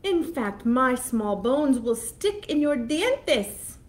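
Lady doing a tiny scared goat kid, squeaky high and begging, storybook voice. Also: very animated, takes it slowly, full character voice. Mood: pleading. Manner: pleading, shaky. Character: tiny timid little billy goat, pleading.

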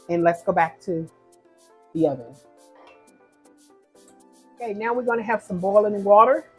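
A woman talks viewers through a recipe at her home stove, narrating each step in a chatty, casual way. Her voice is husky and a little breathy, with a middling pitch. Soft music plays faintly behind her. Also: rough recording. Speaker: home cook. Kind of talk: casual cooking demonstration.

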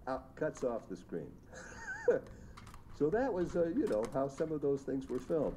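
A man's voice: medium pitch, big pitch swings, moderate pace, mellow, a little hiss or hum. A man, a makeup artist, telling rambling behind-the-scenes anecdotes about a film, with vivid impressions of others. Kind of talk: recorded commentary interview.

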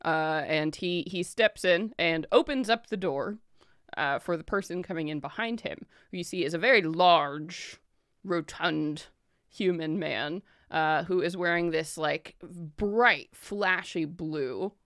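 A woman narrating as game master, relaxed and descriptive with many fillers. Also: fairly low pitch, takes it slowly, clear, resonant tone, dry recording, studio quality.

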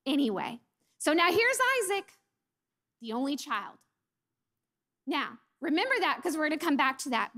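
Woman, preacher, sermon, high-pitched voice, expressive, acts out quotes, soft near-whispers at times. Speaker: mother.

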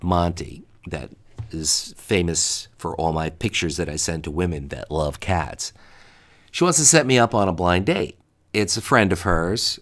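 A man spins a funny dating story in a slightly low voice that swoops up and down with animation. He sounds exasperated as he acts out both sides of the conversations. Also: a bit bright.

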